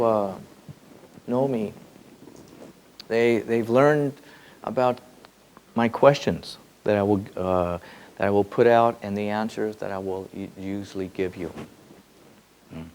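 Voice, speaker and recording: A man giving a spiritual teaching in a loose, repeating way, swinging between soft musing and sudden excited bursts. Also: fairly low pitch, takes it slowly, long pauses, a little hiss or hum. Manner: repeats words and restarts often. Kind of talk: spoken teaching to a group.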